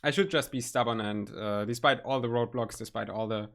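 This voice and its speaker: A man with a German accent, a native German speaker, chatting casually on a stream, halting and searching for his words. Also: mid-range voice, gravelly, a bit bright. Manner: halting, searching for words, nervous self-conscious laughs.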